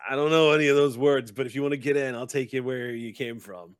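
A man's voice: medium pitch, fairly even intonation, fast, smooth, no echo, lightly acted. A man voicing Bleeger, a crude, grinning redcap fae cab driver who swears bluntly and talks in a chummy way.

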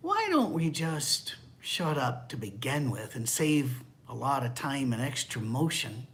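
An older man preaching a conversational sermon, candid and wry, dropping into hushed asides. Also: mid-range voice, sing-song, measured pace, hardly any pauses. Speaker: pastor.

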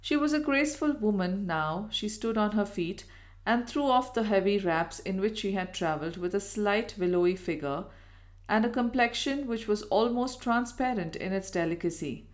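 A woman at medium pitch narrates a Victorian novel from a script as an audiobook reader, keeping her storytelling measured and even.

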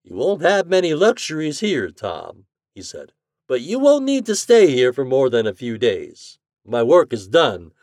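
A man reading an audiobook voices a cheerful, eccentric scientist who lectures with drawn-out emphatic stresses. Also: mid-range voice, huge pitch swings, a little mellow, no room sound, studio quality, pitched above the performer's own voice. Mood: earnest. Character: eccentric male scientist, cheerful self-declared mad genius.

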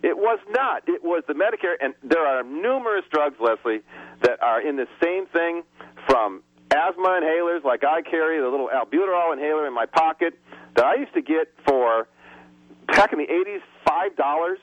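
Male radio caller, fairly high voice, lively and indignant, muffled phone line. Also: normal speed, dry recording. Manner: animated, indignant ranting. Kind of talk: phone-in chat. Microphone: telephone.

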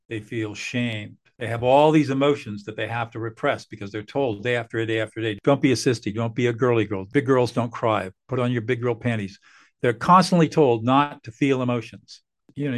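An older man, a mediator guest on a podcast, explaining earnestly and acting out what parents and bosses say. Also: medium pitch. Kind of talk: podcast interview.

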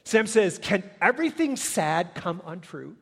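A man preaching a sermon as a pastor, swinging between loud emphatic peaks and hushed, quiet passages. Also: high-pitched, big pitch swings, measured pace, husky, long reverb tail. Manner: dynamic preaching, swelling loud then dropping soft.

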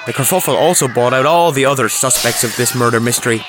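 Brief: male narrator, deadpan and punny, mid-range voice. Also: medium pitch, fast talker, music in the background. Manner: wry, deadpan narration with puns. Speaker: narrator and lead player. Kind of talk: comic improvised narration.

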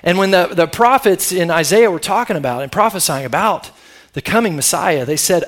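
A man's voice: high-pitched, lively intonation, fairly quick, a bit bright. A middle-aged man preaching a sermon as pastor, conversational and calling on the congregation to answer back. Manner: conversational, calls on the congregation for responses.

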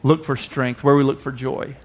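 A man delivers a sermon to his congregation in an expressive, conversational preaching style. His voice sits at an average pitch for a man. He now and then acts out the people he quotes. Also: moderate pace. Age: adult parent. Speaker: pastor.

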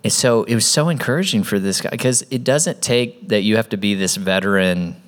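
A man with a fairly low voice tells a story in relaxed conversation. He talks about ministry training and acts out the people in his story as he goes. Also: brisk. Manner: animated storyteller acting out quoted people. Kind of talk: storytelling in a casual talk.

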